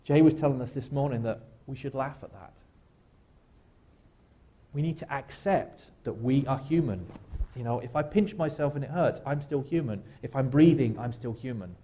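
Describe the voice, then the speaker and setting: Man leading a gentle church talk. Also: medium pitch. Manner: slow, gentle guided-exercise delivery with wry humor. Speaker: guest speaker. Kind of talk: guided reflection talk at church. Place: church sanctuary.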